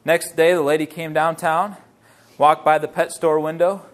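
A man preaching a sermon in a church, lively and full of rhetorical questions to the congregation. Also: on the high side, moderate pace. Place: church sanctuary.

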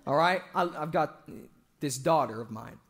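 Animated high-voiced male preacher. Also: normal speed, breathy edge. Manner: animated, joking, bursts into shouting. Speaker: evangelist. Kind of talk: sermon. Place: church.

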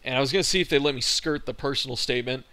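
A man's voice: medium pitch, rapid-fire, sharp tone. A young man, a college student, telling a frustrated and profane story in a casual vlog. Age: young adult. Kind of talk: casual venting monologue.

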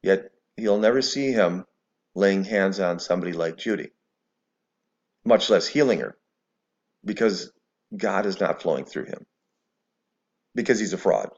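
A man's voice: sits low, lively intonation, a little slow, pauses often, a little mellow, lo-fi sound. A man giving scornful, preachy religious commentary to the camera, mixing scripture with sarcasm. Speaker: video commentator.

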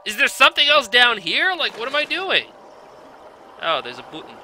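A man giving blind let's play commentary, exasperated, swearing often and yelling at the game. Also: very high voice, wildly swooping pitch, normal speed, slight background noise.

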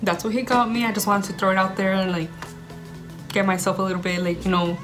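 Talking quickly in a level, medium-pitched voice, a young vlogger chats to camera at home with music playing. Her casual talk is gushing and rambling, full of "like."

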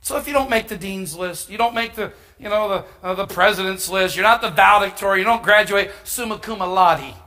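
A middle-aged male pastor preaching a storytelling sermon, humorous and animated, bursting into emphatic shouts. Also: high voice, fairly quick, hardly any pauses.

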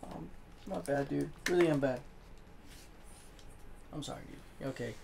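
A man giving let's-play commentary as a gaming host, swearing a lot and swinging from low muttering to yelling at the game. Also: moderate pace, gravelly, noisy background.

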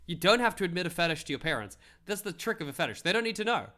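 A man's voice: high voice, sing-song, very fast, bright, forceful tone. A man hosting a live stream, giving comedic commentary with mock outrage, laughter and casual swearing. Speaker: livestream host.

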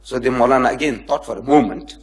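A man's voice: mid-range voice, fast. A man giving a public lecture to a live audience, telling anecdotes and acting out the people in them, joking with and chiding his listeners. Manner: animated storyteller who acts out the people in his anecdotes. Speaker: lecturer on comparative religion.

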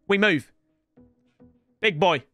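High-pitched excitable gamer. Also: male voice, takes it slowly, no room sound, soft background music. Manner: excitable, swearing, yelling at the game. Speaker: gaming YouTuber. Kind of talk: let's-play gaming commentary.

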